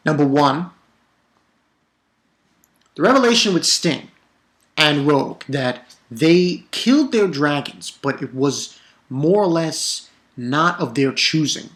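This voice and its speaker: A man rambles through a manga chapter review in a fairly high voice. He stumbles and repeats words, then leaps up in pitch as he rants in exasperation. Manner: animated, exasperated ranting with sudden pitch jumps; halting, with frequent repeated words. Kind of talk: casual spoken chapter review.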